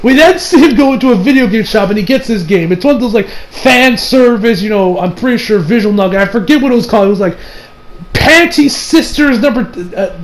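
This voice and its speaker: A man's voice: extremely high pitch, poor audio. A young man casually recapping an anime episode, rambling with lots of fillers and laughs. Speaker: anime reviewer.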